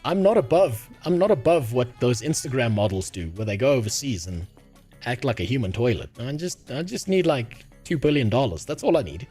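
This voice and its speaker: A medium-pitched, slightly mellow voice with a breathy edge and big pitch swings belongs to a South African man who speaks briskly over soft background music. He's reading chat during a casual livestream, trading crude, sarcastic jokes and laughing often.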